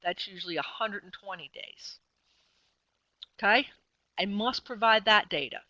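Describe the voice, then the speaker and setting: A woman lectures in a webinar, her voice bright and forward. She explains in a conversational way, pausing on fillers and correcting herself as she goes. The sound is dry and close, with no room around it. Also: mid-range voice, lively intonation, no room sound, poor audio. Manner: conversational teaching with frequent fillers and self-corrections. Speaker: extension specialist presenting a webinar.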